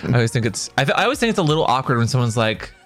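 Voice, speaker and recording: Playful man with a lively voice. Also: very fast, faint music behind. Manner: playful, teasing, lively pitch swings. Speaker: podcast co-host. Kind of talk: casual podcast banter.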